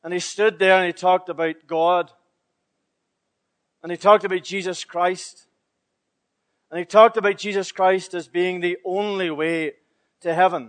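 A man's voice: high-pitched, voice pushed down. A male preacher voicing God as a hypothetical figure who speaks in a matter-of-fact, confiding way within a sermon. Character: God, male, revising scripture, dismissive.

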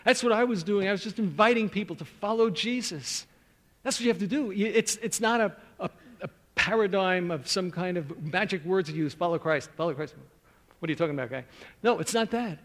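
A man preaching a sermon in a big church hall, his voice trailing off in a long reverb. He sits a touch higher than most men. He tells his stories with big swings from loud emphasis down to quiet, hushed lines. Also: brisk.

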